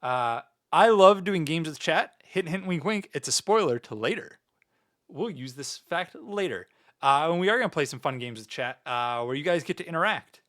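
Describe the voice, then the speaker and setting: A man's voice: fairly high pitch, lively intonation, normal speed, fairly bright tone. A man chatting casually on a livestream as a VTuber, playful and mock-grandiose, swearing often. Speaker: VTuber streamer.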